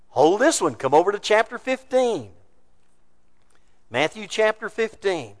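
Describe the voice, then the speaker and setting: Male pastor, high and lively voice, preaching with emphatic swings. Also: measured pace, long pauses. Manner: emphatic preaching with wide swings of pitch and loudness. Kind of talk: sermon.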